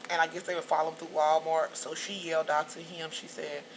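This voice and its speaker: A middle-aged woman chatting in a hair salon, telling animated stories, cussing freely and shouting out quotes. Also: deep voice, fairly quick. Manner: animated storyteller, cusses freely, loud excited quotes. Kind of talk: casual chat. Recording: noisy background.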